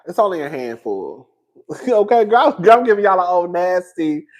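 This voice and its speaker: A man's voice: high voice, big pitch swings, moderate pace, rough recording. A man giving casual celebrity gossip commentary, sassy and profane, laughing often and calling his listeners "girl". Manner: sassy, profane, chatty, calls the audience "girl"; laughs often between lines.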